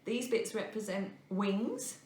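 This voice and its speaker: A woman's voice: mid-range voice, sing-song, slow pace, a little mellow, slight background noise. A woman in her thirties hosting a craft podcast, chatting casually and rambling with lots of fillers and self-deprecating asides. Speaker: podcast host. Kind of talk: casual chat showing crafts to camera. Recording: echoey room.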